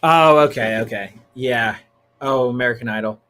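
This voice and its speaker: Excitable chatty man on a livestream. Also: mid-range voice, normal speed. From Northern California. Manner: chatty, excitable, full of slang like "dude" and "bro". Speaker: livestream host. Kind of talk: casual livestream chat.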